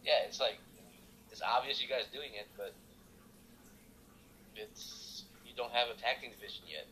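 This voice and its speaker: Blunt, bright-voiced man in casual chat. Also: medium pitch, normal speed, slight background noise, rough recording. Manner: blunt, opinionated, laughing.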